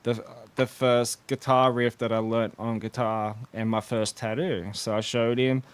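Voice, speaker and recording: A man's voice: mid-range voice, flat delivery, a little slow, clear, resonant tone. A man hosts a podcast in an easy, laid-back way, chatting with enthusiasm and dropping casual words like man and dude. His voice sits in a middle register. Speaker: podcast host.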